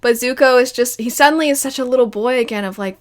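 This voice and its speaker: A woman hosting a video and giving casual reaction commentary on a cartoon series, animated and emotional and laughing often. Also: a little high, fairly quick, few pauses.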